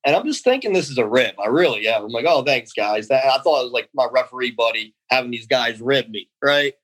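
A man's voice: medium pitch, brisk, poor audio. A man in his thirties, a guest in a casual interview, telling long rambling stories and acting out what other people said. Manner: rambling, animated, acts out quoted voices. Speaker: guest, former pro wrestler.

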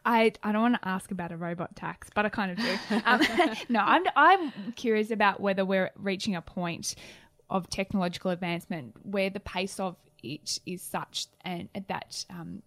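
A woman's voice: medium pitch, moderate pace, hardly any pauses, fairly bright tone, no echo. A woman interviewer asking long, curious questions in a chatty, conversational way.

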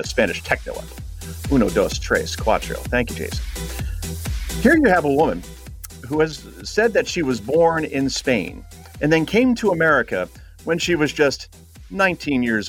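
Sarcastic New radio host. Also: male voice, on the high side, fairly bright tone. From New Jersey. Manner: sarcastic, laughs at his own jokes, cues clips. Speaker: radio talk show host. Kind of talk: opinionated radio talk.

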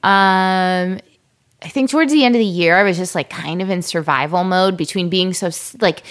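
A woman's voice: lowish voice, normal speed. A woman in her thirties co-hosting a casual chat podcast, telling stories in a chatty way with lots of fillers. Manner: chatty storyteller, many fillers. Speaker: podcast co-host.

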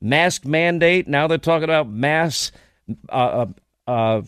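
A combative male talk host delivers a sarcastic political monologue, stacking one rhetorical question on another. His voice sits a little high for a man. The studio sound is dry and close, with no room echo. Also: measured pace, a bit bright, clean tone.

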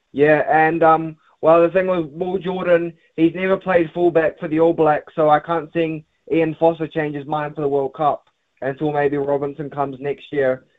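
A man calling in to a sports radio show, talking rugby with lots of ums and uhs. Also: a little high. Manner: hesitant, many fillers. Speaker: caller. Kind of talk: phone-in sports chat. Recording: phone line.

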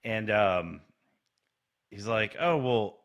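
A man's voice: lowish voice, expressive, drawn-out words, lo-fi sound. A man co-hosting a casual podcast, telling stories animatedly and acting out quoted lines with laughter. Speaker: podcast co-host. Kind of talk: casual chat, retelling stories.

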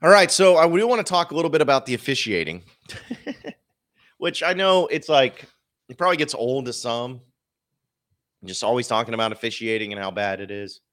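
Man, sports podcast host, casual solo commentary, opinionated, wry asides, mid-pitched voice. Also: normal speed, long pauses, fairly bright tone.

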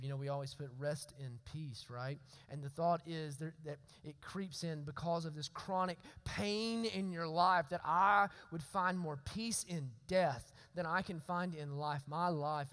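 A man's voice: fairly high pitch, fairly bright tone. A man preaching a sermon as pastor, earnest, often repeating and restarting words and asking "right?" to the congregation.

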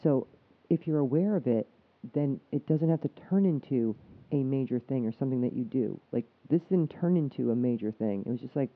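A man's voice: mid-range voice, lively intonation. A man co-hosting a podcast, talking earnestly in a casual chat and often restarting his sentences. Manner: earnest, explaining, halting restarts. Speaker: podcast co-host. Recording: tinny phone-like sound.

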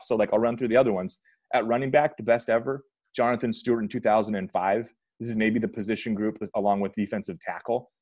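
A man with a lowish voice chats through a sports discussion, wandering and restarting his sentences as he goes. The sound is dry, with no room echo. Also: darkish tone. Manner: rambling, self-correcting, chatty. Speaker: podcast host. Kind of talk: casual sports talk.

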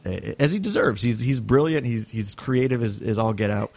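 A man's voice: medium pitch, moderate pace, creaky, a little mellow. A man, co-hosting a podcast in casual chat, enthusiastic and rambling with many restarts. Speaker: podcast co-host.

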